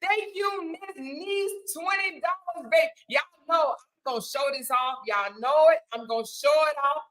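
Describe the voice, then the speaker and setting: A woman hosting a live stream, reading out viewer super chats, excitable, chanting and shouting thanks, swearing casually and laughing often. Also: high-pitched, unhurried, few pauses, low-quality recording. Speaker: livestream host.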